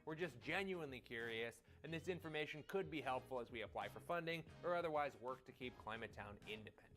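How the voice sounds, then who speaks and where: A man's voice: mid-range voice, expressive, fast talker, a bit bright, faint music behind. A man hosting a video essay, delivering scripted narration in a sarcastic, jokey, theatrical way.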